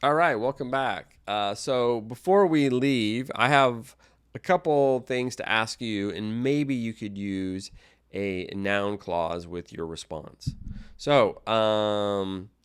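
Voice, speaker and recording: Smooth-voiced, low male English teacher. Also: slow. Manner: relaxed and explanatory, with fillers and restarts. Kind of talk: explaining grammar to learners.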